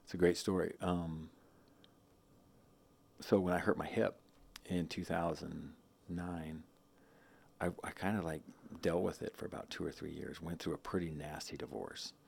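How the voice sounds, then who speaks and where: A man in his thirties, a guest in a casual interview, tells a personal story, rambling with many restarts and quoted asides. His voice is low, gravelly and husky, with a steady tone and a moderate pace.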